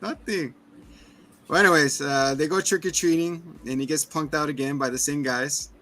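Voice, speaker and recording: A man's voice: a little high, steady tone, a little fast, pushed and bright. A man co-hosting a casual movie review podcast, recapping the plot loosely with swearing and laughter. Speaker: podcast co-host.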